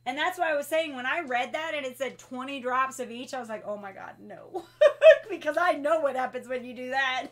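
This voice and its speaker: A woman hosting a casual livestream essential oils class, telling animated stories and laughing often. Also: sits high, normal speed.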